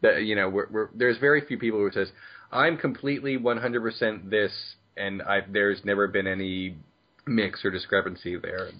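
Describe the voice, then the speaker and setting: A man's voice: lowish voice, fairly even intonation, moderate pace. A man from the United States co-hosting a podcast in an easygoing, stammering way. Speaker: podcast co-host. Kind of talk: casual podcast chat. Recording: dull lo-fi.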